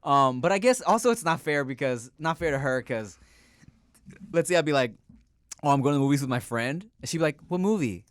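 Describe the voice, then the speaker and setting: A man's voice: fairly high pitch, expressive, a little fast, dry recording, clean studio sound. A man in his thirties co-hosting a casual podcast, laughing often and mimicking his parents. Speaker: podcast co-host.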